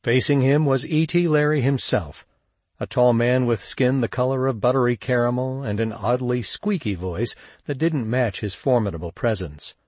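A man narrating a crime story in a steady, measured audiobook read. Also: mid-range voice, dry recording. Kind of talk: scripted narration.

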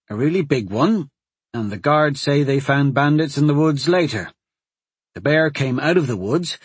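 A man's voice: fairly high pitch, husky, dry recording. A man voicing an earnest, hesitant young servant boy in a fantasy audiobook.

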